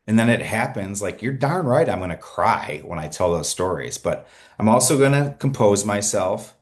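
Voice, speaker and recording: A middle-aged man with a very low, deep voice speaks on a podcast as the guest. He talks earnestly and with energy, tripping over his words and restarting sentences as he goes. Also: animated, moderate pace. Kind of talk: conversational interview storytelling.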